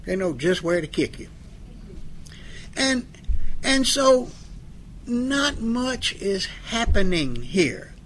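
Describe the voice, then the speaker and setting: Folksy high-voiced man telling stories. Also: sing-song, takes it slowly, pauses often, a bit bright, slight background noise. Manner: folksy, humorous, acts out both sides of arguments. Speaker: speaker on addiction recovery. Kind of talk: storytelling talk to an audience.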